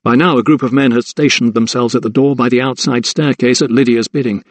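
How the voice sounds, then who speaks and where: A man narrating a historical mystery audiobook in a measured, suspenseful reading. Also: medium pitch, fairly even intonation, dry recording. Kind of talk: scripted narration.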